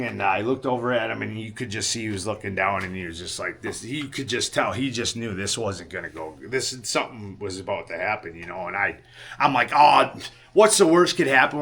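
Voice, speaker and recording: A man's voice: lowish voice, sharp tone. A man telling a story in a casual, rambling way, swearing often and checking in with the listener, sheepish and rueful. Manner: rambling, swears often, keeps asking "right?".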